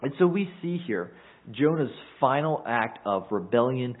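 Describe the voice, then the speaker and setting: A man with a husky voice preaches an earnest sermon, walking through scripture verse by verse. The recording is thin and tinny, like a phone line. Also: mid-range voice, sing-song, a little slow. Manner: earnest expository preaching, reading scripture aloud.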